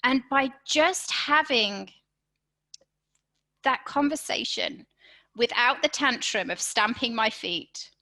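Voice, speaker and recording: A webinar presenter with a slightly high, sharp voice speaks to her audience directly, keeping things encouraging and checking in with "okay?" again and again. The recording quality is low.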